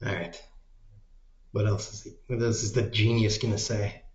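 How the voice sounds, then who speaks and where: A man's voice: lowish voice, flat delivery, normal speed, a little mellow. A man ranting casually with plenty of profanity, rambling and muttering as he goes. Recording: echoey room, dull lo-fi sound.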